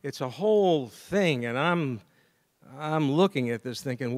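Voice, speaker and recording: Man telling a lively scat-filled story. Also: mid-range voice, moderate pace. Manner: lively storyteller who scats melodies and acts out dialogue. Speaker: commencement speaker and saxophonist. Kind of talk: storytelling speech at a graduation ceremony. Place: university degree ceremony.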